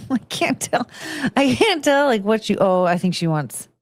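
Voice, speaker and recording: A woman's voice: a little high, very animated, a little slow. A woman in her thirties hosting a casual chat podcast, chatty and giggly, rambling with plenty of fillers. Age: 30s. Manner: giggly, chatty, frequent laughter. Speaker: podcast host.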